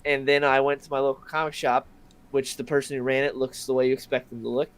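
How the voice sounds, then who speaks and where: A man's voice: mid-range voice, flat delivery, fast, clear, resonant tone, no room sound. A man on a stream panel telling a casual, rambling story with lots of fillers. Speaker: panel guest.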